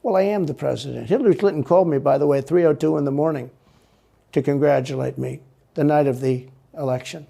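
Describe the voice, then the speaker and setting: A man's voice: fairly high pitch, fast, vocal fry, dark tone, breathy edge. A man answering interview questions in a rambling, repetitive and emphatic way. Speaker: interview guest.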